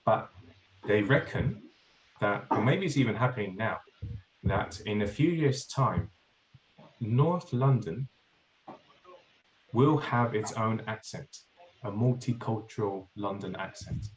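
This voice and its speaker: Fields: man, teacher, video call, lowish voice. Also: slow, pauses often, a little hiss or hum, low-quality recording. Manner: relaxed, explanatory, repeats for emphasis. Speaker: English teacher. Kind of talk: online class discussion.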